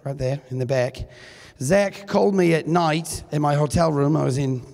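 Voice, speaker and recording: Hoarse joking man in an echoing hall. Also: a little high, moderate pace, darkish tone. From Duluth, Minnesota, USA. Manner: joking, chatty, with frequent fillers. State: hoarse, recovering from lost voice. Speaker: conference keynote speaker. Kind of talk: humorous keynote talk. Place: large high school hall. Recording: long reverb of a large hall.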